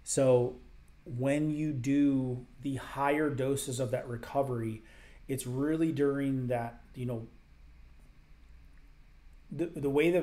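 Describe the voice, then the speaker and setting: A man's voice: medium pitch, warm tone. A man hosting a casual health Q&A show, answering viewer questions in a conversational, explanatory way with emphatic repetition.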